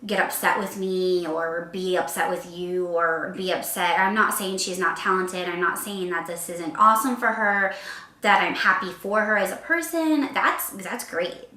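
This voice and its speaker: A woman's voice: fairly low pitch, measured pace, bright, forceful tone. Emphatic young woman, echoey room. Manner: emphatic, repeats herself. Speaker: reaction video guest. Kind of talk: casual chat. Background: faint music.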